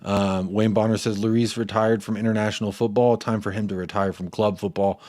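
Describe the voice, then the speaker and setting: A man's voice: fairly low pitch, level tone, fairly quick, a little mellow, dry recording, studio quality. A man hosting a football fan show, chatting casually and rambling, sometimes losing his train of thought and swearing. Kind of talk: casual post-match fan chat.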